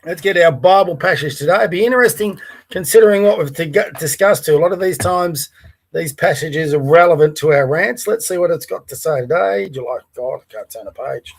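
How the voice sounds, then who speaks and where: A man with a somewhat high speaking voice hosts his morning livestream. He rambles casually, dropping fillers as he chats and reads scripture. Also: fairly quick, creaky, slightly rough. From Australia. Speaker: podcast host. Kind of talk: casual morning commentary and Bible reading. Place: Melbourne, by the bay.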